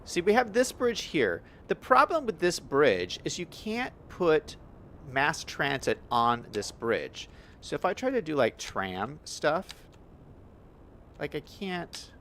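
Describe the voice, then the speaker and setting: A man's voice: fairly high pitch, very animated, slow, fairly bright tone, slight background noise. A young man giving casual gameplay commentary, upbeat and chatty, thinking aloud as he plays. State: hiccups. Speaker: gaming YouTuber.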